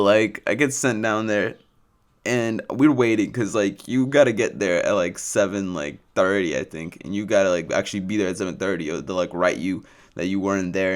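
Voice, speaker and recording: A young man from California tells a rambling, profane story in a casual storytime vlog, full of "like" fillers. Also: lowish voice. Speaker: vlogger.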